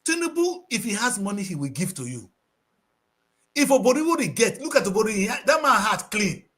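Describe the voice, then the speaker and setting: A man's voice: sits high, very animated, a little fast, a bit bright. A man with a Nigerian accent giving passionate, preachy talk-show commentary, slipping into Pidgin English.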